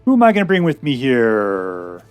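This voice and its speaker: A man talking through his own game in a relaxed, offhand way, counting out loud and tossing off dry sarcastic asides. His voice sits at an ordinary middle pitch, and soft music plays underneath. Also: moderate pace, no echo. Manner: talks to himself, counting cards aloud, sarcastic. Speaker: game commentator. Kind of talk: casual gameplay commentary.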